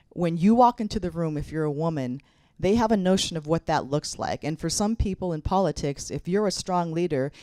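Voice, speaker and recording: Middle-aged woman, low pitch, dry close sound, candid keynote speaker with a direct way of advising. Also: a little mellow, no room sound. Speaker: mayor giving a keynote speech. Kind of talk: conference keynote speech. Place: conference hall.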